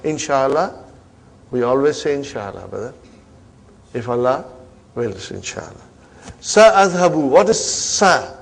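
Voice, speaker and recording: A man teaching an Arabic grammar class, coaxing students along, drilling terms slowly and checking they follow. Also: medium pitch, very animated, creaky, husky. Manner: coaxing, repeats "huh?" and "are you with me" to check students.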